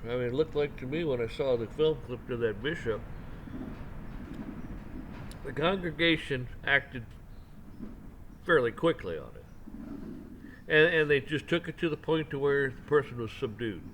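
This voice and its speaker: A man rants his opinions in a loose, conversational way, often tripping over and repeating his words before getting them out. His voice sits at an ordinary middle pitch, with a faint hiss of noise under it. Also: lively intonation, moderate pace, long pauses, fairly bright tone. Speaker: commentary channel host. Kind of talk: casual opinion rant.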